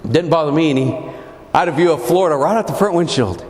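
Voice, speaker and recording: A man's voice: a little high, fast, darkish tone. A man from New Mexico, folksy and joking, telling stories in a humorous speech, recorded in a large echoey hall. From New Mexico, USA. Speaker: keynote speaker. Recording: echoey hall with faint background noise.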